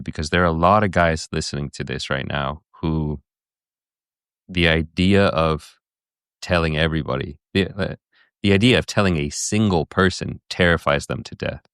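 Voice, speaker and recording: A man hosting a podcast interview, speaking in a calm, affirming, reflective way. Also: extremely low pitch, normal speed, clear, resonant tone, no echo, studio quality. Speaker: podcast host.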